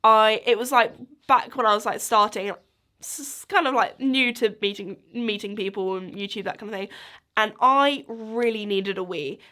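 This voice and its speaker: A woman's voice: mid-range voice, moderate pace, pushed and bright. A woman in her twenties hosting a podcast, chatting casually and rambling with lots of likes and ums. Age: 20s. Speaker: podcast host. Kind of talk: casual solo chat.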